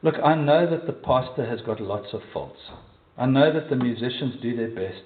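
A man's voice: medium pitch, animated, moderate pace, a little hiss or hum. A man with a South African accent preaching a sermon, emphatic and putting direct questions to the congregation. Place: church. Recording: echoey, distant, phone-like sound.

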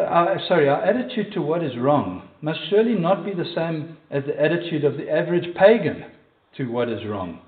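A man with a South African accent preaching a sermon, emphatic and putting direct questions to the congregation. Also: on the high side. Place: church. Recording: echoey, distant, phone-like sound.

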